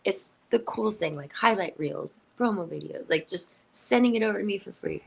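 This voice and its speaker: A young adult woman who wrestles professionally is a guest in a casual interview, speaking animatedly with lots of fillers and frequent laughs. Her mid-range voice is brisk and creaky.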